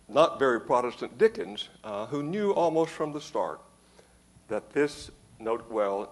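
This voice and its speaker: A man giving a conference lecture on poetry, measured and emphatic, reading verse aloud with marked rhythm. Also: medium pitch, creaky. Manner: measured, emphatic, stresses rhythm and tapping out meter. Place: lecture hall.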